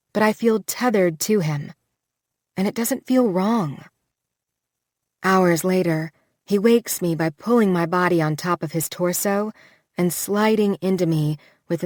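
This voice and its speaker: A woman with a slightly low voice narrates a first-person romance audiobook. She reads in an intimate, measured way on a close studio mic, and the recording is completely dry. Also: a little mellow, no echo.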